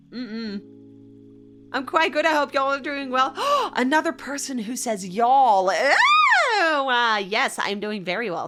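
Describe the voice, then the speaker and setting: A young Australian woman chats casually with viewers on a livestream, bubbly and giggly. Her voice is fairly high with a sharp tone.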